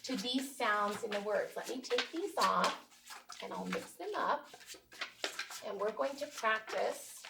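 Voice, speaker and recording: Gravelly-voiced woman teaching phonics from afar. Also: medium pitch, a little slow. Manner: patient, encouraging, clearly modeling sounds. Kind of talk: small-group phonics lesson. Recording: distant mic with faint noise.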